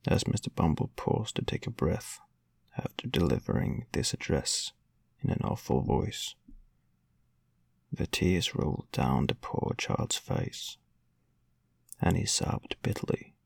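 A man with a gravelly, husky voice reading a classic novel aloud in a measured storytelling manner. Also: low voice, expressive, dry recording. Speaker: audiobook narrator. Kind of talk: scripted narration of a classic novel.

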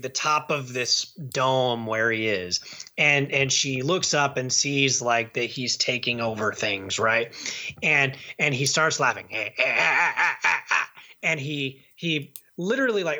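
Male podcast co-host, casual and rambling, a bright and forceful voice. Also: medium pitch, lively intonation, a little slow. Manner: rambling, with many restarts and repeated words. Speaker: podcast co-host reviewing movies. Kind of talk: casual chat.

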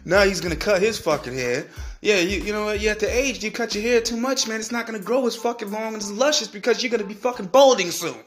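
A man's voice: high voice, fast talker, a bit bright, soft background music. A young man ranting angrily at his friends, swearing constantly, stumbling over repeated words and mocking them in a whiny voice. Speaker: podcast host. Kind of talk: profane solo rant.

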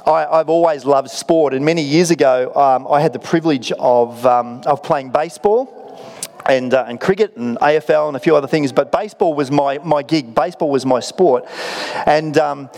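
A man's voice: fairly high pitch, normal speed, darkish tone. A middle-aged Australian man preaching a sermon as a pastor, telling stories conversationally with self-deprecating humour. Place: church auditorium. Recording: long reverb of a large hall.

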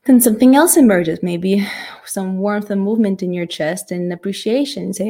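A woman teaching how to communicate, in a reflective, halting way that thinks aloud. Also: medium pitch, dark tone. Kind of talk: casual teaching talk.

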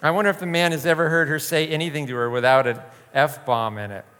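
A man's voice: a little high, fairly even intonation, quick pace, fairly bright tone, clean tone, in a large hall. A man leading an informal youth group talk, a joking storyteller who acts out quoted voices.

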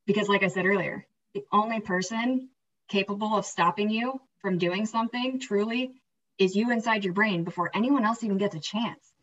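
Sex: woman. Role: podcast co-host. Style: energetic motivational chat. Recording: slightly distant, dull lo-fi. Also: mid-range voice, moderate pace, a little hiss or hum. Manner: energetic, rambling, peppered with "right?" and "like".

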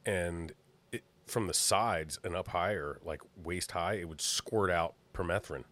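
A man co-hosting a podcast, chatting casually and telling relaxed stories, quick to laugh. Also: deep voice. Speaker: podcast co-host. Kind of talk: casual chat.

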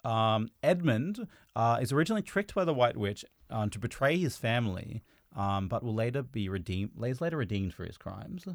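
Casual male co-host who rambles and restarts, mid-pitched, on a dry close mic. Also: expressive, moderate pace, no room sound. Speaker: podcast host. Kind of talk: casual chat.

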